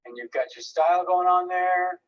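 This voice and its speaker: A man leads an online painting class, giving relaxed, encouraging feedback and often restarting his sentences as he thinks aloud. His voice sits a little high, and the video call audio comes through muffled. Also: moderate pace. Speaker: painting instructor. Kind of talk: live online art class critique.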